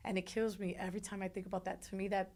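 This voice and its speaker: A woman's voice: mid-range voice, flat delivery, rapid-fire, darkish tone. Young woman, interview guest, earnest heartfelt storytelling, repeats words. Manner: earnest, repeats words, acts out others' voices. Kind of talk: emotional personal storytelling.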